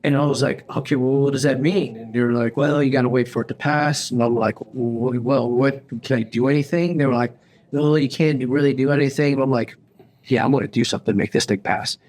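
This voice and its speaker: A man's voice: mid-range voice, fairly even intonation, a little fast, darkish tone. A man co-hosting a podcast, telling a story in casual chat, acting out quoted voices with frequent restarts and laughs. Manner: laughs often while telling stories. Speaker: podcast co-host.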